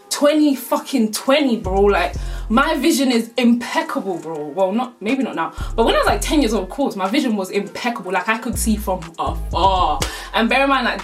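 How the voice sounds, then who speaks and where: A young woman telling a casual storytime, full of slang and swearing, with laughs through the telling. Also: a little high. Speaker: vlogger.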